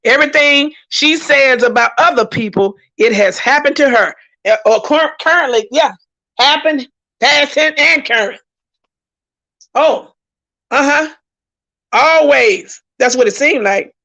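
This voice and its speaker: A woman hosts a casual livestream, talking emphatically and circling back to repeat her points. Her voice sits high and sounds bright and forceful. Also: unhurried, highs cut off. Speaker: host reading viewer comments.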